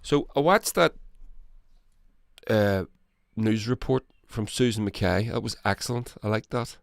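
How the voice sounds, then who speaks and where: A man's voice: fairly low pitch, a little slow, vocal fry, no echo, clean studio sound. A man hosting his own casual political commentary, blunt and rambling, swearing and restarting his sentences.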